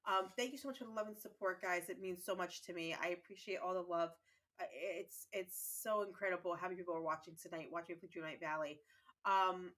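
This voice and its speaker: A woman's voice: fairly low pitch, fairly even intonation, quick pace, fairly bright tone. Tired, chatty woman streaming a game. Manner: chatty, affectionate with viewers. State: tired, yawning. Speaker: livestream gaming host. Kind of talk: casual livestream chat.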